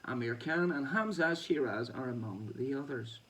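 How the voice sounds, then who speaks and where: A man's voice: medium pitch, animated, normal speed, a bit bright, recorded from a distance, rough recording. A man hosting a boxing show, reading news aloud and breaking off into chatty, sweary asides with laughing comments.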